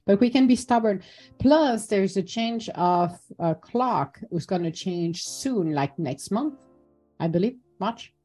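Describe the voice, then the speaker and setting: A woman's voice: medium pitch, animated, takes it slowly, warm tone, soft background music. A woman in her forties co-hosting a casual podcast, talking candidly and poking fun at herself, with frequent laughs. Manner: candid, self-mocking, laughs often. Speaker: podcast co-host.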